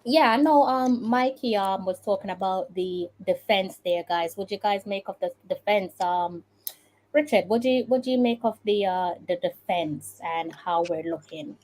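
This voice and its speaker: A woman's voice: medium pitch, moderate pace, a little mellow, rough recording. A woman hosting a casual live-stream chat, giggly and friendly toward viewers. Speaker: host.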